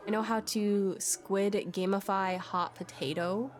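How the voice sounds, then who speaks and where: A woman's voice: medium pitch, fairly even intonation, a little slow. A young woman chats live with her viewers in a playful, giggly way. She talks close to a desk mic. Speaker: streamer. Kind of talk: live-stream chat while gaming.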